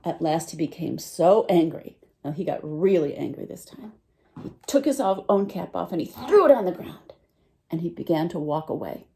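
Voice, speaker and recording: Warm animated woman reading a picture book. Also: fairly low pitch, normal speed. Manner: animated, asks listeners questions, lively voice swings. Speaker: teacher reading to children. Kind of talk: picture-book read-aloud.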